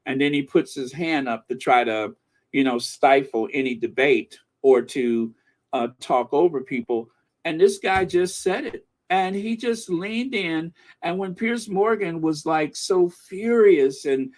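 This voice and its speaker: Male stream host, a bit high-pitched, chatty and excitable commentary. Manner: chatty and excitable, laughing often. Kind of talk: casual live-stream commentary reading news and viewer comments.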